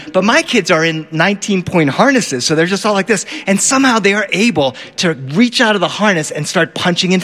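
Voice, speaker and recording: A man performing a personal family story on stage, animated, acting out his own dialogue. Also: high voice, big-room sound.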